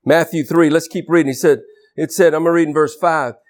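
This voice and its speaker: A man preaching a fiery deliverance sermon, forceful and scolding, his voice swinging from loud to low. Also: fairly even intonation, fairly quick.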